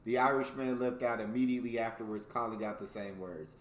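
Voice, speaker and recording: A man's voice: mid-range voice, steady tone, brisk, roomy sound. An American man hosting a reaction video, reading jokes aloud in casual commentary and laughing often between them. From United States.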